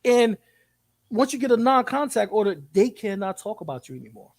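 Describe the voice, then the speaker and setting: A man co-hosting a live commentary stream, talking in an animated, profane and rambling way, often repeating himself. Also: high-pitched, a little fast, creaky, dry recording.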